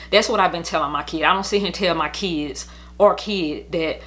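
A woman talks straight into the mic, her voice bright and forceful. She rambles through her own story in a heated, profane rush, leaning on "like" at every turn. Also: on the low side, moderate pace. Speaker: podcast host telling her own story. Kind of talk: casual venting monologue.

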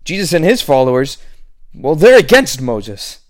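A man voicing a scornful, indignant male Pharisee leader, speaking in a sneering, heated and rapid way, much higher than his own voice and a bit off-mic. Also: sing-song.

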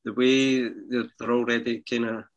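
A man joins a casual podcast and weighs in with calm, measured points. His voice sits at a middle pitch. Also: muffled recording.

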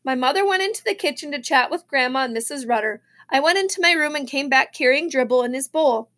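A woman reading a children's novel aloud in a lively storybook manner. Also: high-pitched, fast talker. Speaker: reader.

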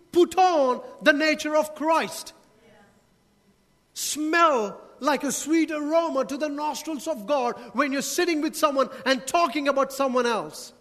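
A man's voice: extremely high pitch, a bit bright. A male pastor preaching a sermon, asking the congregation questions and joking with them along the way. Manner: preaching with rhetorical questions and humorous asides to the congregation. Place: church hall. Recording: long hall reverb.

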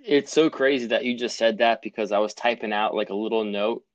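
A man's voice: on the low side, steady tone, brisk, lo-fi sound. A man hosting a casual chat, reacting with short agreement and casual swearing.

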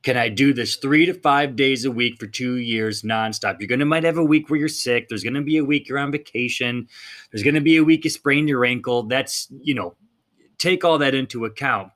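A man's voice: medium pitch, moderate pace, a bit bright. A man hosting a fitness podcast in a blunt, fired-up monologue, swearing casually as he talks.

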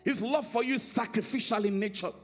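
A man preaching a sermon in a high, bright voice that rises into sing-song emphasis and drops to quiet, low lines. He leans on repeated phrases. Faint music plays softly behind him. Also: a little fast. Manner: preaching with sudden swings in pitch and volume, sing-song emphasis. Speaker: pastor.

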